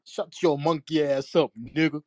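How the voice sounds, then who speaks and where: A man's voice: on the high side, fairly even intonation, a little slow, darkish tone. A male caller taunting the host in a put-on West African accent. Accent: fake West African. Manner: taunting, crude. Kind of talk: call-in rant.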